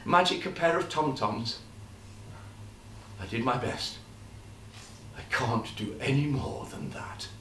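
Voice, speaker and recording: A man's voice: medium pitch, expressive, slow pace, pauses often, bright, forceful tone, reverberant, recorded from a distance, slight background noise, pitched below the performer's own voice. A man on stage voicing a mild, subdued working father. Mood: weary. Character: quiet, weary working father. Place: live stage show.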